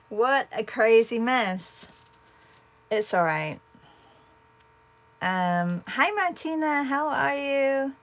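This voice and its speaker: A woman's voice: fairly high pitch, lively intonation, extremely slow, long pauses. A woman hosting an art livestream, chatting casually and answering viewers as she paints. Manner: chatty, thinks aloud and answers viewers' comments.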